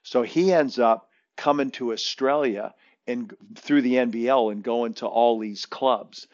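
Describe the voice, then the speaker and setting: A man's voice: medium pitch, measured pace, a little mellow, dull audio. A man who coaches basketball, telling a long story in casual chat, rambling with many restarts and fillers.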